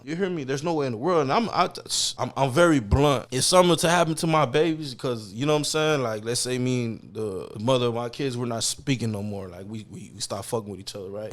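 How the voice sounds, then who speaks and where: A blunt man in his thirties from Texas, talking with a guest's candor. He speaks mid-pitched and plain, and he swears freely in rough street talk as he tells one story after another. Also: fast, hardly any pauses. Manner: blunt, profane street talk with many fillers. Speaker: podcast guest. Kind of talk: candid storytelling interview.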